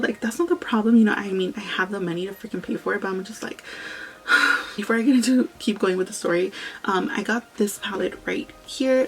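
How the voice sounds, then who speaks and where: A woman's voice: medium pitch, poor audio. A young woman chatting casually through a makeup tutorial, telling a story and swearing freely. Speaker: beauty vlogger.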